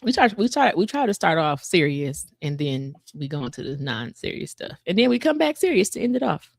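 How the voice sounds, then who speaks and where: Animated woman podcast co-host. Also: deep voice, a little fast, vocal fry, no echo, studio quality. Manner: animated storytelling, acts out quotes. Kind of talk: casual chat.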